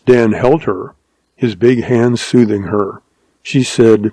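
A man narrating a western story in a measured, unhurried audiobook reading. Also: mid-range voice, steady tone, mellow, dry recording.

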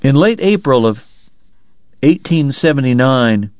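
Slow, dramatic male audiobook narrator. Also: medium pitch, lively intonation, a little mellow, dry recording, lo-fi sound. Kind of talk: scripted narration.

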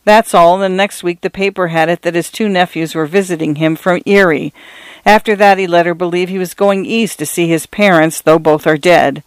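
A man voicing a gentle, chatty older priest in a read-aloud story. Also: sits high, steady tone, moderate pace, clear, resonant tone, dry recording. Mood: gossipy. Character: genial older priest, easygoing and gossipy.

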